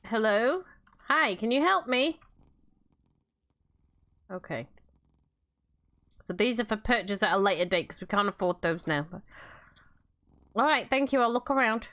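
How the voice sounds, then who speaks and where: A woman's voice: a little high, animated, measured pace, pauses often, fairly bright tone. A woman chatting casually while playing a game, telling stories and laughing often. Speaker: game streamer. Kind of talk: casual gameplay chat.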